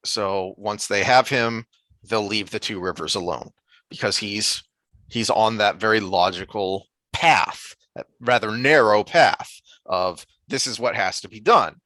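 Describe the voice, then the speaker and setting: A man's voice: fairly low pitch, unhurried, sharp tone, no echo. A man co-hosting a casual book discussion podcast, thoughtful and full of fillers and restarts, sometimes reading passages aloud. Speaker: podcast co-host.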